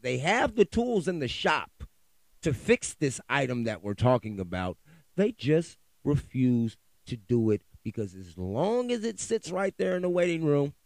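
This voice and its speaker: A man's voice: fairly high pitch, a little mellow, dry recording. A middle-aged man, hosting his own podcast and ranting with heated, profane exasperation. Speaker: podcast host. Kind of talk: solo podcast rant.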